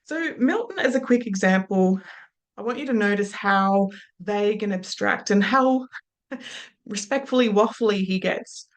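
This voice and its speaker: A woman trainer walks students through hypnosis technique in an easy, explanatory lecture. Now and then she drifts into slow, soothing trance patter to show how it sounds. Her pitch sits in an ordinary middle range.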